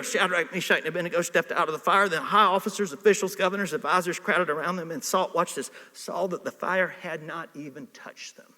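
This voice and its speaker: Preacher, male, animated sermon delivery, bright and sharp, recorded in an echoing hall. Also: fairly high pitch, fast, hardly any pauses. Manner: animated, swings from hushed to shouting. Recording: reverberant hall.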